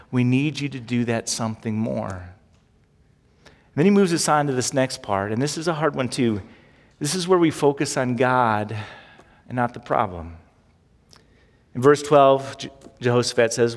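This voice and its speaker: A man preaching a sermon as pastor, animated and emphatic, with many rhetorical questions. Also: mid-range voice, moderate pace. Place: church sanctuary. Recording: long hall reverb.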